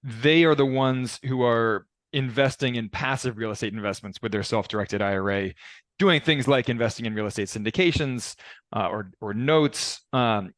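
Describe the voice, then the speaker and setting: A man hosting a podcast, explaining in a measured way with frequent conversational fillers. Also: mid-range voice, fairly bright tone, dry recording. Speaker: podcast host. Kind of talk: conversational interview.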